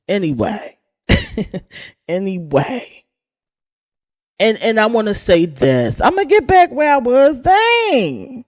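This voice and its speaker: Sassy, animated woman ranting. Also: on the high side, slow pace, long pauses. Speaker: gossip channel host. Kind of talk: casual gossip rant.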